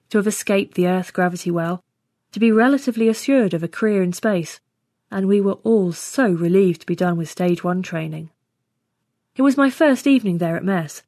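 A woman's voice: mid-range voice, no room sound, clean studio sound. Woman reading a story aloud. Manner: steady first-person storytelling. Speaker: story reader. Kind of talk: scripted narration.

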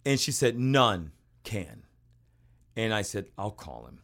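A man hosting a casual chat, telling jokey stories in an animated way. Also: on the low side, takes it slowly, creaky. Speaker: host.

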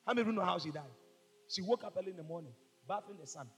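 A man preaching a fervent sermon, rising to shouts. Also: high voice, expressive, rapid-fire, big-room sound, soft background music, rough recording. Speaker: pastor.

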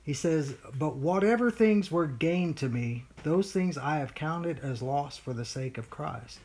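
A Bible study leader teaching informally to a small group, animated, often acting out whiny voices, with many fillers and restarts. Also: mid-range voice, unhurried.

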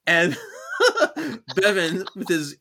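A man's voice: sits high, very animated, drawn-out words, gravelly, bright, forceful tone. A man co-hosting a podcast, giggly and breezy as he recaps a comic. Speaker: podcast co-host. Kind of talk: casual chat, retelling a comic.

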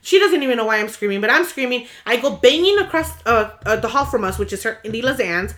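A woman's voice: a little high, animated, quick pace, hardly any pauses, bright, forceful tone. Chatty young woman telling a story. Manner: rambling with many restarts, acts out screaming quotes. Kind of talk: casual storytelling chat.

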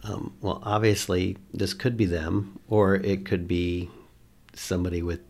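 Very deep, gravelly-voiced man playing a tabletop game. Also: little pitch movement, measured pace, a little mellow. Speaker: player.

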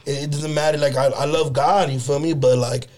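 A man's voice: on the high side, fairly even intonation, a little fast, darkish tone. A man co-hosting a casual chat, slangy and swearing often, laughing through his stories. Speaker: podcast co-host.

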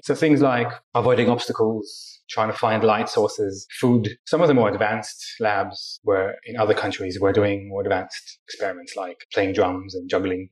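A man's voice: on the low side, roomy sound, rough recording. A middle-aged man, explaining his research career as an interview guest in a thoughtful way, often restarting his sentences. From Australia. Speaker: guest, AI researcher turned recruiter. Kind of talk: casual interview answers.

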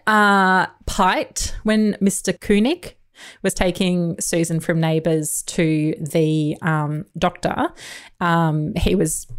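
Chatty woman podcaster, slightly low. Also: clear, resonant tone. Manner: chatty, researched, lots of ums and asides. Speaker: podcast co-host. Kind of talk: casual chat.

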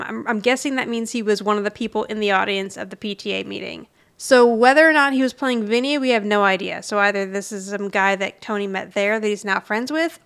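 A woman in her forties, a podcast co-host who chats casually, with quick restarts and little asides. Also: medium pitch, fairly bright tone, clean tone. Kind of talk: casual chat recapping a sitcom episode.

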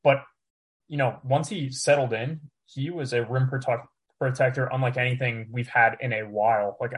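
A young man with a mid-pitched voice co-hosting a sports podcast. He talks in a relaxed, chatty way, leaning on "like" and "dude" as he breaks down the players. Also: moderate pace, breathy edge. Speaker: podcast co-host. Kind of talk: casual sports chat.

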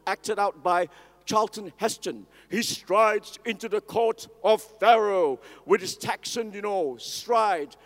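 A male preacher tells stories in his sermon and keeps asking the audience questions. His voice sits high. A long reverb of a large hall carries every line. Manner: storytelling, asks the audience questions.

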